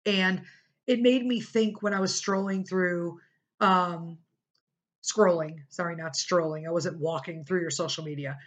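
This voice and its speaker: A woman's voice: unhurried, dull audio. A middle-aged woman hosting a podcast, telling a personal story casually and animatedly, acting out what other people said. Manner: animated, acts out quoted people with big pitch jumps. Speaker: podcast host.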